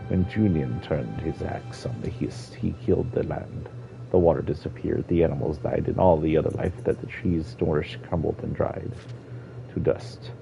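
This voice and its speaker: A man's voice: a bass voice, moderate pace, vocal fry. A man streaming a game, reading an in-game book aloud casually, with slips and self-corrections. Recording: dull lo-fi stream audio with faint music.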